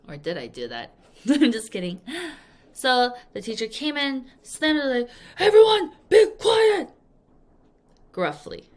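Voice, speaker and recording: At a language school in Korea, a woman teaches an English vocabulary lesson, drilling words clearly with repeat-after-me prompts. She's playful and acts out example sentences, in a voice that's a little high and a bit bright.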